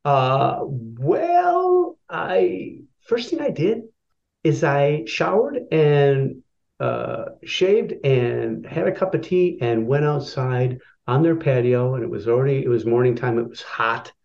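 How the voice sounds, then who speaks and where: A man's voice: mid-range voice, slow pace, vocal fry. Man telling a personal story, dull lo-fi sound. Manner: personal, animated storytelling with filler words. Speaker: guest. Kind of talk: storytelling in an interview.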